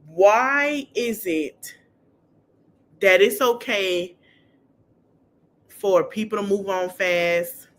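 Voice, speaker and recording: A woman's voice: medium pitch, drawn-out words, pauses often. Sassy woman podcast host dishing gossip. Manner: sassy, animated gossip, breaks into laughter. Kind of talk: casual reality TV recap.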